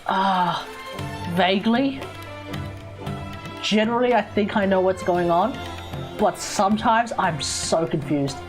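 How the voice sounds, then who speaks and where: Aussie girl streaming, rambly and chatty, keeps correcting herself, music playing clearly behind her. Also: medium pitch, slow, pauses often. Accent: Australian. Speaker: gaming streamer. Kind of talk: casual live stream chat. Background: background music.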